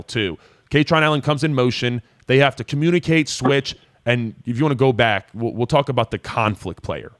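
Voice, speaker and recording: A young adult man hosting a live call-in show, breaking down football film in a casual, animated way. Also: mid-range voice, no echo, clean studio sound. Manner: casual, animated, voices players' thoughts. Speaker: host.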